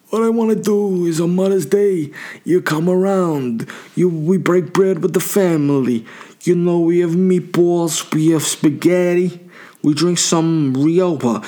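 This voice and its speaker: A man's voice: a little high, a little fast, hardly any pauses, a little mellow, pitched above the performer's own voice, natural voice. A man voicing a domineering, middle-aged mafia-boss mother with an exaggerated mock-Italian drawl. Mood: grandiose.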